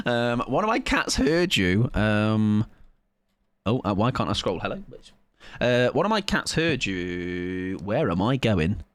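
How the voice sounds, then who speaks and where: A man's voice: lowish voice, very animated, takes it slowly, fairly bright tone, no room sound. A man, chatting casually with viewers as a game streamer in a playful, rambling, self-mocking way.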